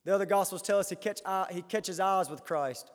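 A man preaching a sermon, acting out quoted lines dramatically and swinging from loud to hushed. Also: high-pitched, a little fast. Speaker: pastor. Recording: hall reverb.

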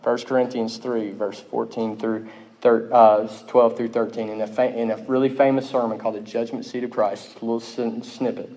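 An emphatic male preacher delivering a sermon to his congregation. He keeps checking in with a quick "okay?" and rises in pitch and volume on the lines he wants to land. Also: level tone, warm tone. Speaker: pastor.

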